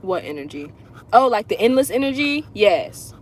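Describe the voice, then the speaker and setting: A woman astrology reader chatting casually on a livestream from inside her car, blunt and profane, telling things with animated emphasis. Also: medium pitch, moderate pace, slight background noise.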